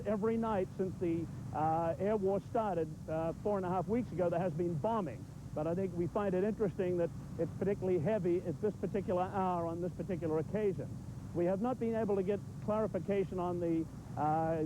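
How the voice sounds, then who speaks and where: High-voiced male war correspondent outdoors. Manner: measured, halting with fillers. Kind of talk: live news report. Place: outdoors in a hotel garden. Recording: archival broadcast with loud background noise.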